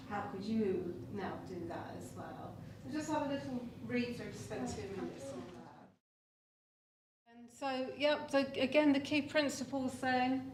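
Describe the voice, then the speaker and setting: Woman lecturer, workshop leader, practical and instructive, mic far off in a noisy room. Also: fairly high pitch. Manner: practical, gives step-by-step tasks to the audience. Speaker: teacher-education lecturer leading a workshop. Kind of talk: conference workshop talk. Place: large conference room. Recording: roomy distant recording with background noise.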